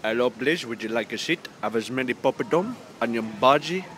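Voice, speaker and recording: A man's voice: medium pitch, animated, fairly quick, fairly bright tone, slight background noise, close to an everyday voice. A man voicing an eager, welcoming restaurant host in an exaggerated put-on Indian accent. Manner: exaggerated, hospitable.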